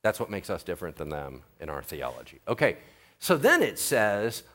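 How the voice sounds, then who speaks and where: A male pastor giving a conversational sermon, animated and talking straight to his listeners. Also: on the high side, moderate pace. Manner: animated, conversational preaching with asides to the audience.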